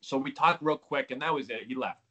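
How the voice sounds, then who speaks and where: A man's voice: medium pitch, brisk, poor audio. A man in his thirties, a former pro ballplayer, telling stories casually and acting out the dialogue. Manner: animated storyteller acting out quoted dialogue. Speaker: guest, former pro baseball player. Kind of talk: casual storytelling interview.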